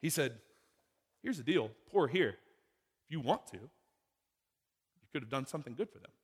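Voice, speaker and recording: A man's voice: medium pitch, lively intonation, measured pace, darkish tone, slightly rough, in a large hall. A man preaching a sermon in a conversational way, asking the congregation rhetorical questions and acting out the people in the story. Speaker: pastor.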